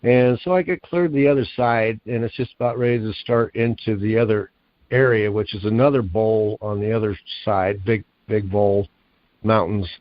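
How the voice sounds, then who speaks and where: A man, the guest author, telling a long story in an interview, animated and acting out the lines he quotes. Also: fairly low pitch, moderate pace, no echo, highs cut off.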